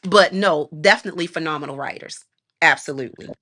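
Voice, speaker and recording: A woman with a Baltimore accent hosting a radio show, talking in a quick, animated way and laughing often. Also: deep voice. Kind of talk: casual radio interview.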